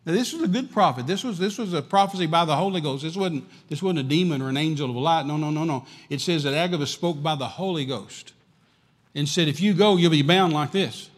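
Male preacher, emphatic and repetitive, higher voice, in a reverberant church hall. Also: brisk. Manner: emphatic, repetitive, swings between loud and quiet. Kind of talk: sermon.

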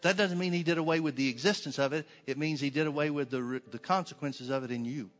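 A man's voice: fairly high pitch, fast, in a large hall, faint music behind. A man preaching a sermon in an emphatic, rhythmic cadence, leading a congregation.

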